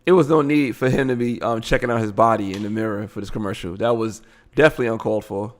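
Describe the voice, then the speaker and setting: A man's voice: on the low side, fast, faint music behind. A man hosting a live show, giving blunt, casual commentary on a video he is watching. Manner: animated, blunt, frequent laughing asides.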